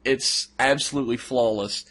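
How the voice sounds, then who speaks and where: A man's voice: medium pitch, steady tone, normal speed, a bit bright. A young man co-hosting a podcast, giving his opinions in casual chat, laughing and cursing now and then. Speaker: podcast co-host.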